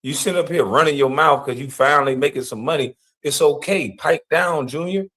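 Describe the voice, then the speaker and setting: A man's voice: a little high, fairly quick, a bit bright. A man giving heated, blunt commentary in a ranting, mocking way.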